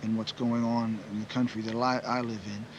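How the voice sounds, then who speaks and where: A man's voice: medium pitch, flat delivery, brisk, dull audio, noisy background. A man in his forties, a musician, giving rambling, reflective interview answers full of "you know" fillers.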